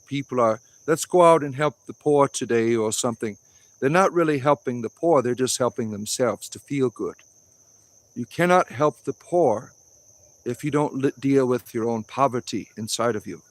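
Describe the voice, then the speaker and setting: A man hosting a casual livestream outdoors, reading and answering chat in a blunt, offhand way, with preachy asides. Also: mid-range voice. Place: outdoors in a wooded grove.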